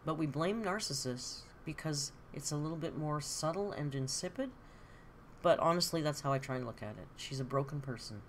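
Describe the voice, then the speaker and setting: A woman's voice: sits low, moderate pace, slight background noise. A middle-aged woman hosting a live stream, chatting candidly and answering comments from her viewers. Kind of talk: casual live-stream chat.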